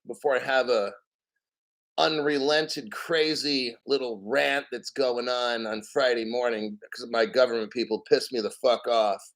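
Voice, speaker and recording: A man hosting his own channel, ranting in casual commentary with angry, profane talk and frequent throat clearing. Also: mid-range voice, fairly bright tone. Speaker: host.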